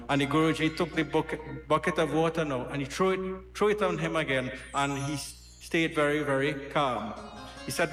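Male satsang preacher, earnest storyteller; fairly high voice, echoey hall with faint music. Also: steady tone, normal speed, a bit bright. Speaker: satsang speaker. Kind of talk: devotional sermon.

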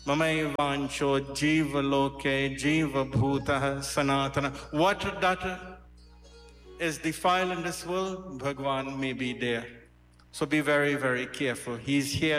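A man's voice: on the high side, fairly bright tone. Emphatic male preacher in an echoey hall. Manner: emphatic, repeats phrases, addresses the congregation directly. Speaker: religious storyteller. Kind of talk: devotional sermon. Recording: echoey hall with faint music.

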